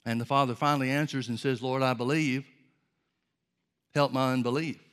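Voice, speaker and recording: A man preaching a sermon, teaching in an earnest, measured way and asking rhetorical questions. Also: mid-range voice, fairly even intonation, a bit bright, clear, resonant tone.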